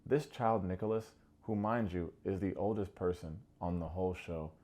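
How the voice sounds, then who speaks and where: A man hosting a comedic TV recap, sarcastic and quick to mock. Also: a little mellow. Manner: sarcastic, acts out quotes in high mocking voices. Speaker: recap show host.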